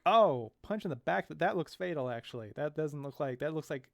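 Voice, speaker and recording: A man's voice: a little high, animated, brisk, gravelly, no echo. A man in his thirties reading a comic aloud and commenting on it in a chatty way, with wry asides.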